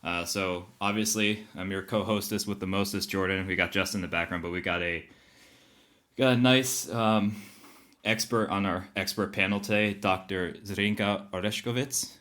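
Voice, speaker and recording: A man's voice: sits low, fairly even intonation, moderate pace, bright, forceful tone. A man co-hosting a podcast, playful and chatty, full of fillers as he leads the talk. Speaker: podcast co-host. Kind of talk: casual podcast chat.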